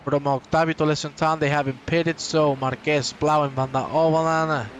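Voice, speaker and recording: A man calls a sim race live, his voice sitting a little high as he switches between quick race updates and playful, joking banter with his co-host. His delivery stays lively and chatty throughout, with a faint hiss running behind it. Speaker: race commentator. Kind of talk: live sim racing commentary.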